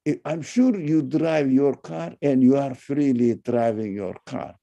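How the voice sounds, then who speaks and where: A man giving an online religious lecture and answering questions, emphatic, with loud high-pitched bursts and halting non-native phrasing. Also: vocal fry, muffled recording.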